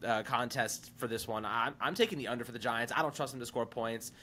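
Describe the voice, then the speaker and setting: Brief: male podcast co-host, tense bright voice, emphatic and opinionated on football. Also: mid-range voice, brisk, slight background noise. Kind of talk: casual sports talk.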